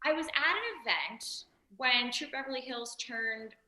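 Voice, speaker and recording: A woman talking in a casual interview, telling stories and acting out the voices of the people in them. Her voice sits a little high and sounds bright and forward. The room around her is echoey. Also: measured pace. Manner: animated storyteller, acts out quoted voices. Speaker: actress and series creator, guest.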